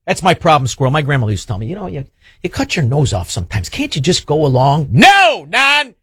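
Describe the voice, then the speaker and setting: Talk host, male, sarcastic ranter, high voice that swings widely, dry close sound. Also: huge pitch swings, fast talker, sharp tone, husky, dry recording. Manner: sarcastic, mocking, hurls insults. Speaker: radio talk show host. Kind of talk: combative talk radio rant.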